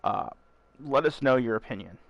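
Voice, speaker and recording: A man's voice: mid-range voice, moderate pace, vocal fry, no room sound, dull audio. A man hosting a casual gaming podcast, talking bluntly and calling his listeners folks. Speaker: podcast host.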